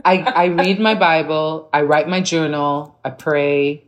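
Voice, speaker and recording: A middle-aged woman guest in casual chat, telling animated stories and acting out the voices she quotes. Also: low voice, a little slow.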